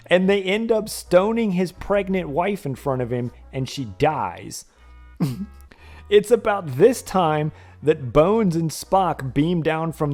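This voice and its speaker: A man streaming a retro game, casually retelling a TV episode with lots of swearing and frequent laughter. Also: on the high side. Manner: profane, laughs often, animated storytelling.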